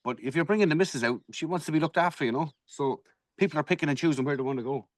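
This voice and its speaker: A man's voice: fairly high pitch, racing, no echo. An Irish man co-hosting a podcast, chatting casually, swearing freely and telling stories with energy. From Ireland. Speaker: podcast co-host, martial arts black belt. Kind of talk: casual chat.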